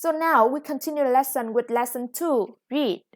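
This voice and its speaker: A woman with a Vietnamese accent teaching an English lesson, explaining patiently and drawing out new words as she goes. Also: high voice. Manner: patient, explains slowly, stretches new words, self-corrects. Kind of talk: recorded classroom lesson for students.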